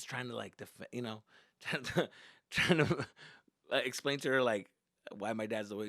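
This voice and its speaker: A man, a comedian, telling a childhood story in an animated, profane way, slipping into Spanish. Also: fairly low pitch, normal speed, pauses often, no room sound, clean studio sound. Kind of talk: stand-up style storytelling.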